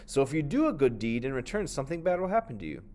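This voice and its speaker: A man voicing an old, hardworking donkey in a play read aloud, slow and weary. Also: medium pitch, sing-song, darkish tone, voice pushed up, natural voice.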